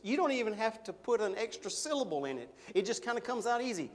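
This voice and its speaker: A middle-aged man preaching a sermon, slowing and swelling on key words for emphasis. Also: high-pitched, big pitch swings. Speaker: pastor.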